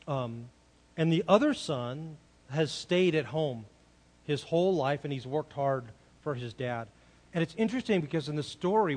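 A man's voice: fairly high pitch, darkish tone. A man preaching a sermon in an earnest way, often asking the listeners rhetorical questions. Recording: long reverb of a large hall.

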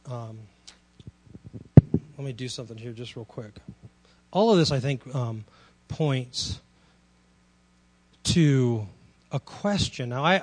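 A middle-aged man preaching a sermon in a conversational way, dropping to quiet asides and rising to loud, emphatic peaks. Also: a little high, big-room sound. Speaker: pastor.

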